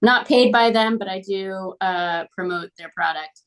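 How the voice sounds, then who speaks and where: A woman's voice: mid-range voice, a little slow. A woman talking casually about a lesson she had as a student, with many fillers. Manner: chatty, full of fillers like "like" and "um". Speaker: former student. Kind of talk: casual conversation.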